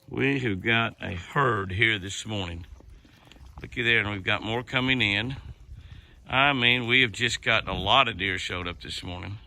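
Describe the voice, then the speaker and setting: A man talks his way through a ranch video outdoors, loose and chatty, quick to laugh, sweet-talking the animals around him. His voice has a gravelly edge with a sharply bright, forceful tone, and a faint outdoor hiss sits behind it. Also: medium pitch. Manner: chatty, laughs often, coos and teases the deer. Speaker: ranch owner and channel host. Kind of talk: casual outdoor vlog narration.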